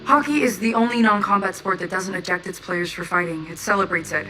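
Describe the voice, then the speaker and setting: Woman as a sharp-tongued college girl, TV drama clip, quick delivery, matter-of-fact, music loud behind. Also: medium pitch, natural voice, low-quality recording. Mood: arguing.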